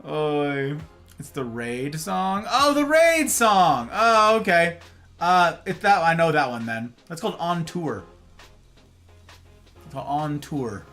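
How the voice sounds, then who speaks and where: Playful man hosting a live chat stream, slightly high, very animated voice. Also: takes it slowly. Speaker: livestream host. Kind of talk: casual chat with viewers. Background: faint music.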